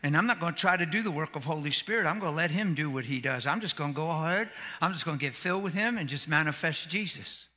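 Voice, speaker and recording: A man preaching a sermon as a pastor, in folksy everyday grammar, swinging from loud shouts to hushed near-whispers. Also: on the high side, animated, fast talker, few pauses. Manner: plain colloquial grammar. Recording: echoey hall.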